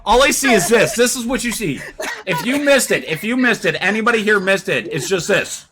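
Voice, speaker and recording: A man hosting a casual online group chat, animated and laughing as he leads the talk. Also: sits high, fairly quick, noisy background. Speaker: stream host.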